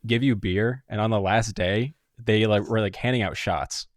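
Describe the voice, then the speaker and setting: A young man co-hosts a podcast in easy casual chat, his voice sitting a bit low. He strings stories together loosely, filling gaps with "like". The sound is dry and close. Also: normal speed, dry recording. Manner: rambling storytelling with many "like"s. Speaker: podcast co-host.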